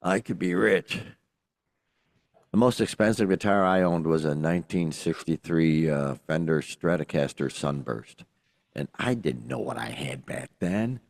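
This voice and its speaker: Deep-voiced older man in rambling chat. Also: a little slow, creaky, dry recording. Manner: rambling, joking, frequent fillers and exclamations. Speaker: podcast co-host. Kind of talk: casual chat.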